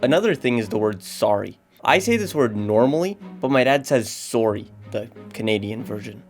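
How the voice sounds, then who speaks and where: A man's voice: mid-range voice, lively intonation, a little fast, soft background music. A teenage man from North Dakota with a slight North Dakota accent, hosting a sarcastic, self-mocking comedy vlog. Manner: sarcastic, jokey, self-deprecating. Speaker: YouTuber.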